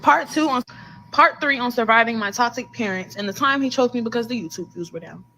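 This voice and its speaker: Young woman with a high voice, earnest story-time vlog, repeats herself. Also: brisk, bright, forceful tone, low-quality recording. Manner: earnest, repetitive retelling. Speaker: storyteller in a played clip.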